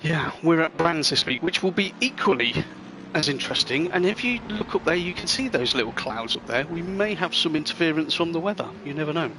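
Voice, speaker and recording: A man's voice: a little high, expressive, fairly quick, background noise. A man hosting a sim racing live stream, chatting casually and rambling with viewers. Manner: chatty, rambling, friendly banter with chat. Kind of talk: live stream commentary chat.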